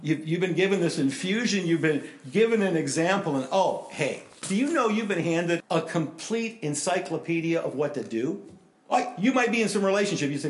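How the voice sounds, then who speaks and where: Roomy-sounding preacher telling stories. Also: male voice, a little high, moderate pace. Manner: storytelling, swings from loud animated to hushed. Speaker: pastor. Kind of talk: sermon. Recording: roomy, echoey hall.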